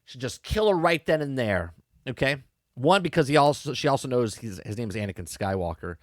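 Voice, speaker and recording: A man's voice: mid-range voice, expressive, fairly quick, no echo, clean studio sound. A man hosting a podcast, giving a rambling, exasperated spoken review that repeats its points and swears freely. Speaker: podcast host. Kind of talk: casual show review commentary.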